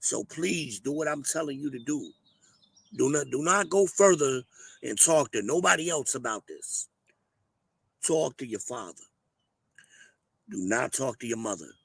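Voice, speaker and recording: A hoarse man, hosting an advice show and talking bluntly and emphatically. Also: mid-range voice, lively intonation, measured pace, pauses often, fairly bright tone. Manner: emphatic, preachy, blunt with cursing. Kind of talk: casual advice monologue.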